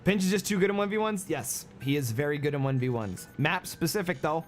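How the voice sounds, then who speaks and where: Brash, high-voiced man streaming a game. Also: animated, brisk, soft background music. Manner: brash, joking, coaching viewers. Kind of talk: game livestream commentary.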